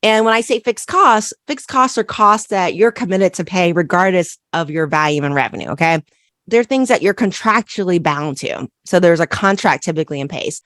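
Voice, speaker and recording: A woman's voice: lowish voice, animated, moderate pace, fairly bright tone, no room sound, clean studio sound. A woman accountant hosting a solo business podcast, coaching listeners and repeating key questions with frequent "right?" checks.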